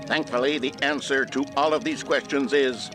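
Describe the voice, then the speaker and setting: A man's voice: mid-range voice, steady tone, moderate pace, lightly acted. An actor playing an upbeat, earnest male announcer in an instructional film within a video game. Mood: cheerful. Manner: upbeat, earnest, mock-educational. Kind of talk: scripted narration. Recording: narration over clear music.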